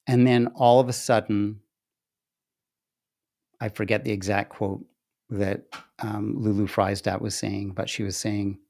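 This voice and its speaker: A man's voice: fairly low pitch, little pitch movement, measured pace, creaky, pauses often, a little mellow. A man commenting on charts he shows on screen, rambling and restarting, then turning emphatic and incredulous. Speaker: political commentary host. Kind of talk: casual screen-share commentary.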